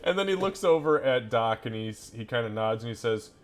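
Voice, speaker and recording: A man's voice: mid-range voice, animated, a little fast, slight background noise. A man narrating a tabletop game as game master in a loose, rambling way. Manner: casual, rambling narration with fillers.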